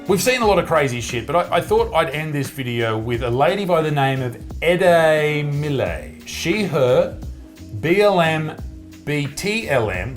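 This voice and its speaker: A young Australian man doing comedic commentary, sarcastic and profane as he mocks what he reads. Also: fairly high pitch. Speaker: comedian reviewing social media posts.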